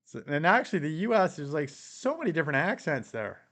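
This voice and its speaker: A Canadian man hosts a relaxed live stream, reading viewer comments out loud and answering each one. His voice sits a little higher than most men's, and he chuckles often as he talks. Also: a little fast. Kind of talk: casual live-stream chat.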